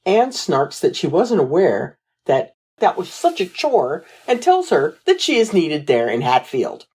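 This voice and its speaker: A woman's voice: fairly low pitch, wildly swooping pitch, measured pace, darkish tone, breathy edge, low-quality recording. A woman co-hosting a podcast, recapping a TV episode in casual chat, laughing often and swearing bluntly. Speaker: podcast co-host.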